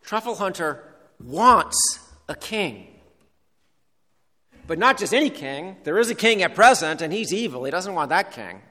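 A man preaching a sermon with deliberate, emphatic teaching. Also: high voice, pushed and bright, long reverb tail.

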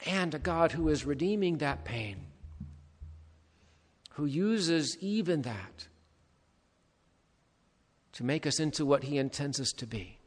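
A male pastor preaches with earnest emphasis, his voice sitting a little high for a man. Each phrase rings out with the long reverb of a large church hall. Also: lively intonation, slow pace, pauses often. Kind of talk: sermon.

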